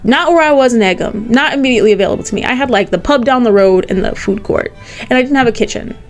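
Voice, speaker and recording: An American woman vlogging, telling a casual storytime anecdote in a chatty, animated way, full of "like" fillers. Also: on the high side, quick pace, faint music behind. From United States.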